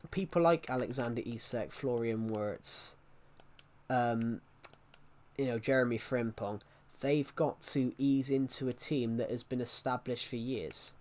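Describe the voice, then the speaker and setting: A man's voice: medium pitch, measured pace, a little mellow. A man chatting casually on a live stream, rambling and repeating himself as he restarts phrases. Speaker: game streamer.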